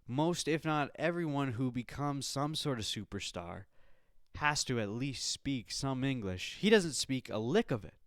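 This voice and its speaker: A man hosting a podcast in casual chat, excitable and swearing freely, calling the listener dude. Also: mid-range voice, no echo, clean studio sound. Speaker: podcast host.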